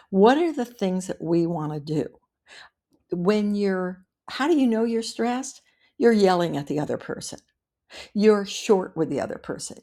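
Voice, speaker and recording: A middle-aged woman presenting a caregiving webinar in a calm, practical way, repeating key phrases for emphasis. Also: mid-range voice. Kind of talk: instructional webinar talk.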